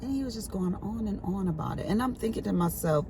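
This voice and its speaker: A middle-aged woman talks casually to her viewers, her pitch swinging widely as she tells stories. She jumps into loud, exclaimed quotes of herself scolding her grown children. A faint hiss of noise sits behind her voice. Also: quick pace, hardly any pauses. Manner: animated storytelling with sharp exclaimed quotes. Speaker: vlogger. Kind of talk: casual chat to camera.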